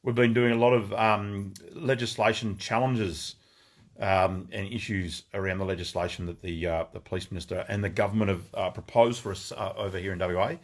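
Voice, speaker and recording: A man's voice: lowish voice, steady tone, brisk. A middle-aged Australian man hosting a casual shop livestream, rambling with many fillers and greeting viewers by name. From Western Australia.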